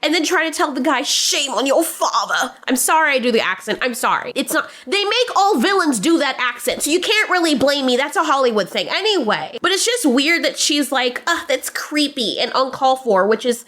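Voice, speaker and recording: Blunt, high-voiced woman ranting. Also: big pitch swings, a little fast, few pauses, fairly bright tone. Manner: blunt, sarcastic and profane. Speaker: commentary channel host. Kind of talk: opinion commentary vlog.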